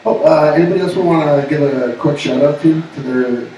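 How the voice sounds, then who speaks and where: A man's voice: fairly high pitch, brisk, dark tone, a little hiss or hum. A man co-hosting a live stream from a pub, chatting casually and joking in rambling asides. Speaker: podcast co-host. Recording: echoey room, far from the mic.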